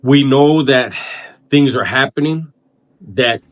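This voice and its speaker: A man speaks straight to his channel's viewers in a loose, unscripted way. His voice sits at an ordinary mid pitch for a man. He often stalls, repeats a word and starts over while he works through his thoughts. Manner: halting, repeats words and restarts while thinking aloud. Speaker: channel host. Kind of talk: casual vlog commentary.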